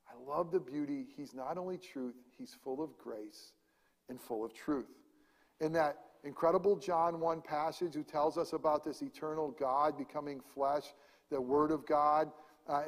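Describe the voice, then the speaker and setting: A man preaching a sermon, swinging from loud emphasis to hushed near-whispers. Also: fairly high pitch, long reverb tail. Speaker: pastor.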